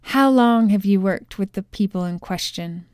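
A woman voicing a sharp courtroom questioner who probes and presses a witness, in a storybook reading. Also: mid-range voice, normal speed, clean tone, no echo, studio quality, natural voice. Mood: pressing. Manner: probing, insistent questioning.

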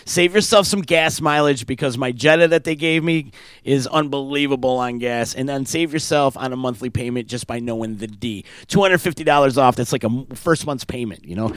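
A man hosting a live radio podcast, reading sponsor spots and chatting in a loud, jokey, hyped way. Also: mid-range voice, no echo. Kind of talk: casual live show chat with sponsor reads.

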